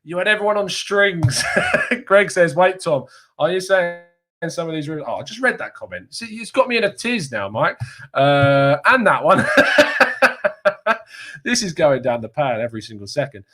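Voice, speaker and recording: A man's voice: a little high, sing-song, normal speed, pushed and bright. A young man from Kent with a southeast English accent, hosting a casual live stream and reading viewer comments aloud with frequent laughs. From Kent, England. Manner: chatty, laughs often, reads comments aloud. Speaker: fan channel host reading live chat.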